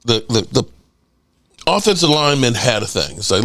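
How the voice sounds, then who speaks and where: A middle-aged man hosting a casual livestream podcast, telling a story in an animated way, acting out quotes and swearing casually. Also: mid-range voice, fairly quick, creaky. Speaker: podcast host.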